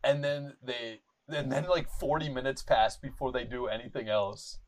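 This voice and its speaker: A young man holding forth on a casual podcast, his voice sitting at an ordinary middle pitch. He rambles in an animated, profane way, stacking "like" and restarts as he tells a story to his co-hosts. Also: normal speed, low-quality recording. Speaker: podcast host.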